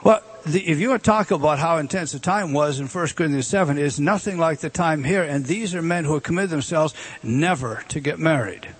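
A man delivers an expository sermon with a slightly high, husky voice. He leans hard on repeated key words and stops to put questions to the congregation. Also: a little fast, few pauses. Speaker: preacher.

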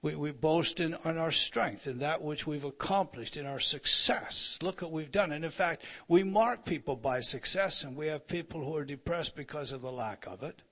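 A man's voice: a little high, moderate pace, few pauses, a bit bright, husky. A man preaching an expository sermon, reading verses aloud and explaining them with emphatic rises and frequent restarts.

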